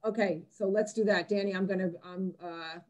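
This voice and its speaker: A woman's voice: mid-range voice, steady tone, moderate pace, a little mellow. A woman presenting on a video call, talking in a loose, chatty way full of fillers and restarts. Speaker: presenter on Israeli music. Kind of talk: casual online talk.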